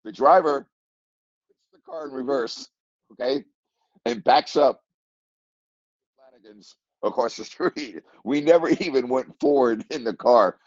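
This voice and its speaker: A man's voice: medium pitch, measured pace, pauses often, no echo. An older man, a sports broadcaster, telling a story in a rambling way, repeating phrases and chuckling mid-sentence. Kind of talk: casual storytelling monologue. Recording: dull lo-fi, dry sound.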